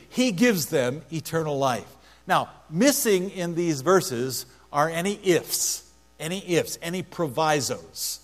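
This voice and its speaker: A man preaching a Sunday sermon in a church, his voice pitched a little high and landing firmly on each repeated phrase. The sound rings with long hall reverb, and a faint electrical hum runs underneath. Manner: emphatic, repeats key phrases for stress. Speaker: pastor.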